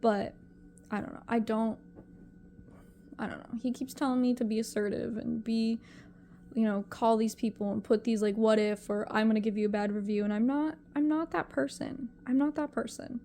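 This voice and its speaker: A young woman with a fairly high, mellow voice talks to camera in a confessional vlog. She is emotional and halting, and her thoughts ramble and trail off. A faint hiss sits under her voice. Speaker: vlogger.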